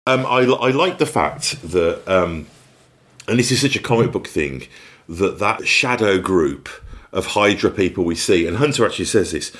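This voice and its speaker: A man's voice: sits low, lively intonation, moderate pace, fairly bright tone. A man co-hosting a podcast, chatting casually about a TV episode, rambling with lots of fillers and laughing often. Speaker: podcast co-host.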